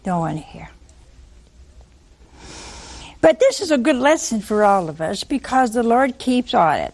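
An older woman giving a sermon, telling the story in a lively way, acting out voices and asking her listeners questions. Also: on the high side, normal speed, few pauses. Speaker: preacher.

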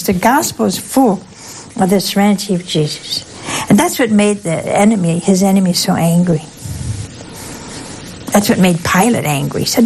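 Older nun preaching, chatty. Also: female voice, medium pitch, darkish tone, a little hiss or hum, low-quality recording. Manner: chatty, keeps asking the listeners questions; folksy and humorous. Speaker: nun giving a spiritual talk. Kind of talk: conversational sermon.

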